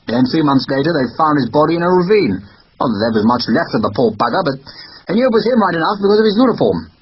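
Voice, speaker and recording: A man's voice: a little high, big pitch swings, fast, slight background noise. A man voicing a bad-tempered, overworked middle-aged merchant consul who grumbles and curses in a hard, clipped way. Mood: irritable. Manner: grumbling and cursing. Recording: dull lo-fi recording.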